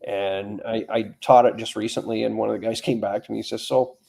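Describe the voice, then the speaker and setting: A man's voice: fairly low pitch, flat delivery, brisk, vocal fry, mellow. A middle-aged man, a firearms instructor chatting as a podcast guest in a plain-spoken, anecdotal way. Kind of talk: casual podcast conversation.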